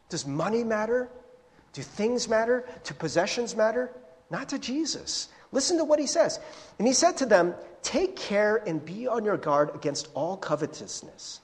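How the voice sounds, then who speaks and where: Animated male pastor in a reverberant hall. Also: high voice, normal speed. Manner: animated, conversational preaching with fillers and rising emphasis. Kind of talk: sermon.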